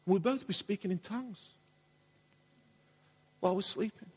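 A man preaches with fervour, his voice husky and a little high for a man. He leans on repetition to drive his points home. A long church hall reverb trails every phrase. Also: moderate pace, long pauses. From England. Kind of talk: sermon.

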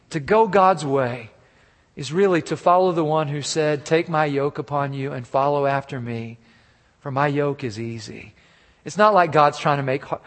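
Man preaching in a reverberant hall. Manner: swells loud and high for emphasis, drops soft for quotes. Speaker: pastor. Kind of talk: sermon.

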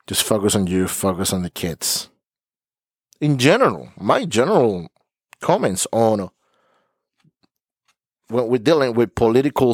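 Low-ish guy voice, dry close sound, earnest therapist podcast host, kinda emotional, repeats himself a lot. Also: no echo. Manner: earnest, emotional, repeats words while searching for them. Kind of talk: heartfelt podcast monologue.

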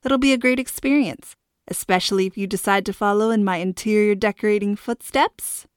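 A woman narrating a storybook voices a cheerful middle-aged mother who teases and gently probes her daughter. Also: medium pitch, fairly quick, clean tone, no echo, clean studio sound, close to an everyday voice. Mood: teasing.

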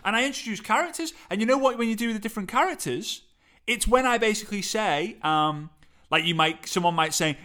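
A man with a Liverpool accent coaching on storytelling in a lively, playful way that swings his voice high and low, talking into a microphone. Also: fairly quick. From Liverpool, England. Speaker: speaking coach. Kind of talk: energetic teaching talk. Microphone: studio microphone.

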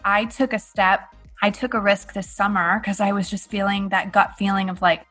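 A woman's voice: medium pitch, fairly even intonation, normal speed, a bit bright, soft background music. Emphatic, encouraging woman podcast co-host. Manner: emphatic, encouraging, repeats phrases for stress. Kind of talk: casual podcast chat.

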